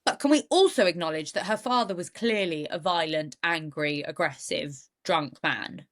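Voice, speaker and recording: A woman co-hosting a true crime podcast, telling the story in an animated, indignant way. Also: deep voice, moderate pace. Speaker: podcast co-host.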